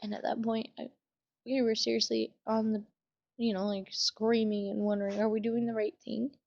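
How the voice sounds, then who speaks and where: A young woman speaks in a flat, gravelly voice, close to tears as she talks casually to the camera and swears. The recording sounds dull and lo-fi, like a home webcam. Her delivery is loose and full of fillers. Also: on the high side, normal speed. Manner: emotional, trying to hold back tears. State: tearful. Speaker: vlogger. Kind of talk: personal storytelling vlog.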